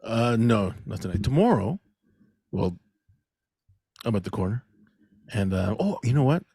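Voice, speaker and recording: Gravelly, animated man chatting on a podcast. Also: lowish voice, unhurried, dry recording, clean studio sound. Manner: animated, keeps asking "you know what I mean?". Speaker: podcast co-host and comedian. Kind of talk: casual comedy podcast chat.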